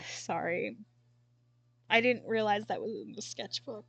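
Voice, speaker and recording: A woman streamer chatting casually and haltingly, sometimes tearful and apologizing. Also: mid-range voice, gravelly, fairly bright tone, dry recording. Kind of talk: casual chat while showing a sketchbook.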